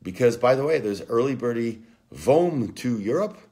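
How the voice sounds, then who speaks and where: A man hosting a live online coaching session, giving an energetic, profane motivational talk and calling out viewers by name. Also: moderate pace. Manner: energetic, profane, shouts names and "boom".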